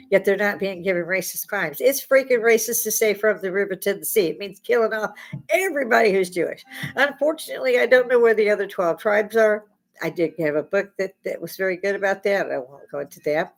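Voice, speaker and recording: A woman's voice: medium pitch, rough recording. Riled-up woman in her sixties ranting. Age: 60s. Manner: blunt, profane, riled up, with rising outbursts. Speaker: vlogger. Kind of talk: ranting opinion monologue.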